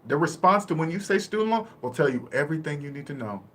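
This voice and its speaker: A man talking bluntly and casually about money and debt, laughing often and acting out quick little dialogues. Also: fairly high pitch, expressive. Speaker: personal finance vlogger. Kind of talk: casual live-stream talk.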